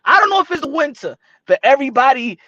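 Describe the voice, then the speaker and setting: A man's voice: very high voice, very animated, fast talker, bright, forceful tone, no room sound, highs cut off. A man from Brooklyn hosting a casual boxing talk show, talking in streetwise slang and dropping in Spanish phrases.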